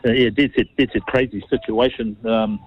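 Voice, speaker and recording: A man's voice: mid-range voice, fairly even intonation, normal speed, slightly rough, dull audio. A New Zealand man in his fifties, a former rugby league player, telling rambling, self-deprecating stories as a guest. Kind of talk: casual storytelling interview.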